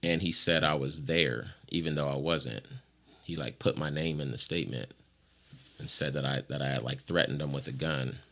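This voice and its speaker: A man's voice: rumbling low, moderate pace, fairly bright tone. A man from Ohio telling his life story as a podcast guest, frank and rambling, acting out what others said to him. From Ohio, USA. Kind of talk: candid personal storytelling.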